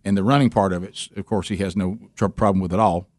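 Male radio host, animated storyteller. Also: sits low, fast talker, dry recording. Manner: animated storyteller, jokey asides; clowns through a mangled French accent. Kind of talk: casual morning-show banter.

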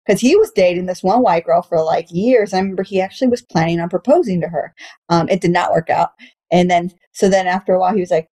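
A woman from Texas talks as a comedian guest on a relaxed podcast. Her voice sits at an ordinary middle pitch, and she rolls through her stories with loose, profane energy. She slips into mock voices whenever she quotes someone. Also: moderate pace. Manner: animated storyteller who swears freely and acts out quoted voices. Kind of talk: casual podcast chat.

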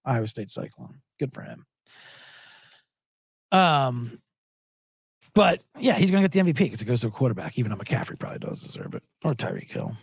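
A man hosting a casual sports podcast, talking in an animated, profane way and jumping between topics with loud mocking impressions. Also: medium pitch, a little fast, vocal fry, long pauses, slightly rough, no echo, studio quality. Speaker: podcast host.

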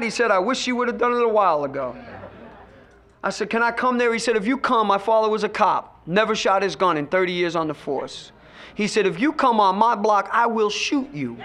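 Man, recovery-meeting testimony; high, bright voice, acts out dialogue, loud to hushed. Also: slight background noise. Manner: storytelling, acts out quoted voices, swings between loud and hushed.

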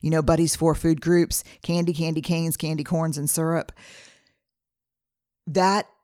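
A middle-aged woman hosts her own podcast in a reflective solo talk, earnestly and personally walking through a numbered family plan with anecdotes from home. Her voice sits low and somewhat dark, with a level tone and measured pace. The studio-quality recording has no echo.

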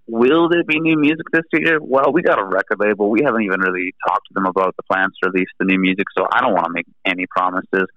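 A man's voice: sits low, fairly even intonation, fast talker, few pauses, no echo, highs cut off. A Canadian man, a band's singer and guitarist, talking in a laid-back, rambling way as an interview guest. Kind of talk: casual interview chat.

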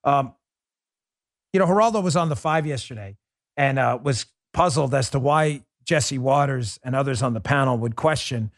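A man's voice: medium pitch, moderate pace, no room sound. A male host talks close to a dry studio mic in a mid-range voice. He delivers political commentary emphatically and with sarcasm. He often drifts into rambling asides. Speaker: podcast host.

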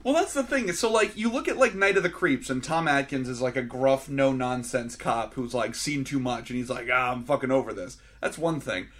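A man's voice: medium pitch, animated, normal speed, few pauses, a bit bright. A man co-hosting a casual movie review chat, ranting sarcastically and acting out scenes. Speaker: podcast co-host.

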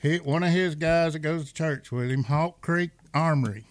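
A man's voice: on the high side, moderate pace. A man, a guest on a podcast, talking in a plain-spoken, folksy way. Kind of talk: casual chat.

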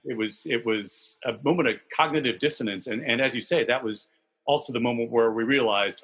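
A man hosts a casual baseball podcast, and his voice has a husky, breathy texture. He talks in a chatty, enthusiastic way and keeps things loose with the occasional swear word. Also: medium pitch, a little fast, fairly bright tone. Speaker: podcast host.

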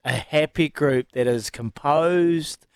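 A man's voice: fairly high pitch, takes it slowly, vocal fry, clean tone, no echo. A man from New Zealand with a New Zealand accent, a former rugby player chatting casually as a radio guest, enthusiastic and often restarting his sentences. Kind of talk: casual sports radio chat.

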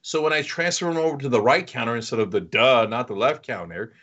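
A man's voice: medium pitch, quick pace, muffled recording. A man co-hosting a podcast, chatting casually and telling a comic story, acting out the other people's lines. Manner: animated storytelling with acted-out quotes. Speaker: podcast co-host. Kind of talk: casual comedic chat.

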